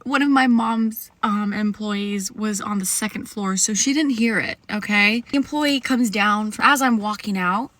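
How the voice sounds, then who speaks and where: A woman telling a dramatic personal story in a casual getting-ready video, animated and expressive. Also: medium pitch, measured pace, hardly any pauses, no echo.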